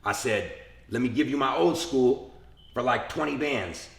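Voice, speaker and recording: A young man speaking casually in an interview, retelling events in a lively way, acting out the people he quotes, with lots of profanity. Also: mid-range voice, unhurried, gravelly, roomy sound. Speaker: interview guest.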